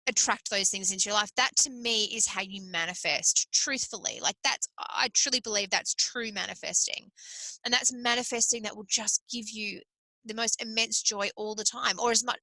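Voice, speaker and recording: A woman's voice: a little high, sharp tone, no echo, poor audio. A woman hosting a motivational solo podcast, talking earnestly and repeating her points for emphasis, with the odd swear word. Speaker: podcast host.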